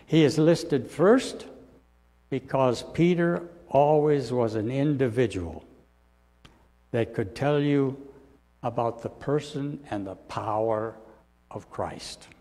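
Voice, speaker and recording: A male pastor preaching a sermon in a dramatic style, often sinking to soft, low endings. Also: takes it slowly, big-room sound. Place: church sanctuary.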